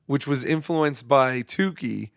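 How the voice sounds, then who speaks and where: A hoarse man who is losing his voice hosts a casual livestream chat, reading viewer messages in a profane, mumbling, self-deprecating way. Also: mid-range voice, slow, fairly bright tone, no echo, clean studio sound. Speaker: show host.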